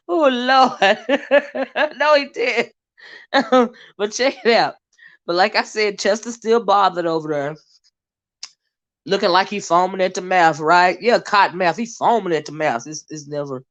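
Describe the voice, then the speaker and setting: Heard through a muffled recording, this mid-range female voice belongs to a chatty livestream host. She keeps the conversation casual, calling out viewers by name and laughing frequently.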